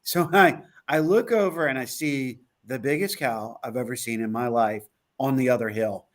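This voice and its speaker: A man's voice: medium pitch, moderate pace. A man co-hosting an online talk show, telling a trip story in casual chat, acting out quotes and laughing often. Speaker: podcast co-host.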